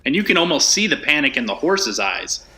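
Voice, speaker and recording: A man's voice: a little high, sing-song, fairly quick, bright, forceful tone. A man co-hosting a podcast, reflecting casually on a film he watched as a kid. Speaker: podcast co-host. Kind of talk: casual movie discussion.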